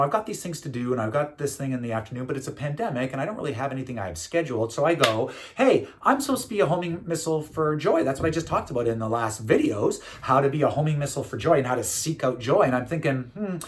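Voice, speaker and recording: A middle-aged man from Canada talking casually to camera, telling a story with lots of fillers and restarts. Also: mid-range voice. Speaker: speaker and consultant.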